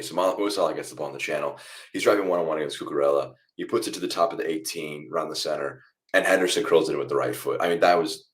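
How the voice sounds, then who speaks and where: Very deep-voiced man. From United States. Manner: chatty, reacts loudly to goals then explains calmly. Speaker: watchalong host. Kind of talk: live football watchalong commentary.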